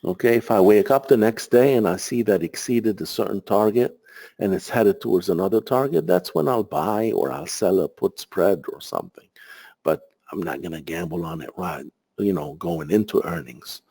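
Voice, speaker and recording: A man's voice: low-pitched, animated, moderate pace, creaky, mellow. A man hosting a live market webinar, searching for words as he goes through charts and answers viewer questions, sounding tired and out of breath. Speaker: market analyst host.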